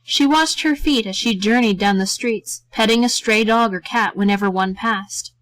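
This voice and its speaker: Woman reading a story out, steady and gentle, dry close sound. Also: fairly high pitch, normal speed, no echo, low-quality recording. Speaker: narrator. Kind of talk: storybook narration.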